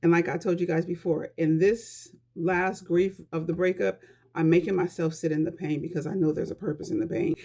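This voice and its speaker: A woman's voice: on the low side, fairly even intonation, fairly quick, mellow. A woman talking earnestly and conversationally to her viewers in a casual vlog, giving life advice. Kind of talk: casual talk to camera.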